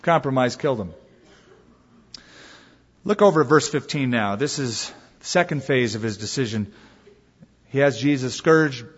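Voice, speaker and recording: A man's voice: medium pitch, animated, moderate pace, long pauses, slightly rough. A man preaching a sermon, telling the story dramatically with rhetorical questions. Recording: dull reverberant hall recording.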